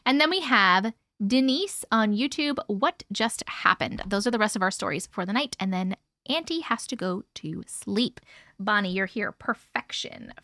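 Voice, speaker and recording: A woman's voice: medium pitch, lively intonation, moderate pace, sharp tone, no room sound, clean studio sound. A middle-aged woman hosting a casual livestream, chatting with viewers in a rambling, playful way. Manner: chatty, rambling, scat-singing to herself. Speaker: livestream host.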